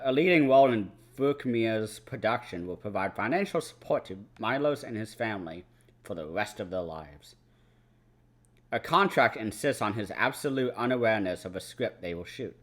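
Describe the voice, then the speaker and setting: A young man reviews movies off the cuff with a slightly low voice. He rambles, swears freely and fills his talk with "like" and "you know.". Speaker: movie marathon vlogger. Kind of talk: casual movie review chat.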